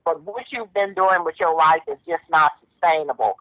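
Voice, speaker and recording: In this phone call, a Southern woman lectures her grown child in a blunt, stern way. She has a low voice at normal speed, with no room sound, and the line sounds tinny.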